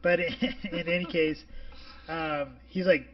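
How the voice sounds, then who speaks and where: A man in his forties rambles on a casual podcast, stalling and restarting his sentences. His voice is slightly higher than average and sits a bit back from a dull, lo-fi microphone. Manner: rambling, halting, many fillers and restarts. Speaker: podcast co-host. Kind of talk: casual chat. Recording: distant lo-fi podcast audio.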